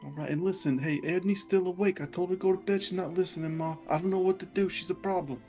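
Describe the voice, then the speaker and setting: A man playing a quick, defensive son. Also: sits high, steady tone, darkish tone, soft background music. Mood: complaining. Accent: put-on Italian. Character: defensive young man talking to his mother. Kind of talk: tabletop role-play acting.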